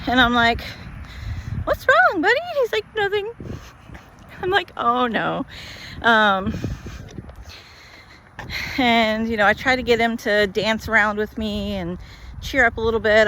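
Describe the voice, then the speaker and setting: Chatty lady walking and talking, kinda high voice, faint traffic behind. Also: unhurried, pauses often. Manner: chatty, animated, lots of "like". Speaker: vlogger. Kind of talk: walk-and-talk storytelling.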